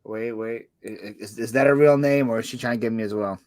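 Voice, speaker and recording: A man's voice: lowish voice, fast talker, darkish tone. A man co-hosting a live stream, chatting casually and teasing the viewers in the chat.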